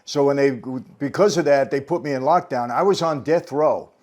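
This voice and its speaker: A man's voice: medium pitch, moderate pace, a little mellow. A man hosting a sit-down interview, talking casually and speaking directly to viewers. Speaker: host. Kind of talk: conversational interview.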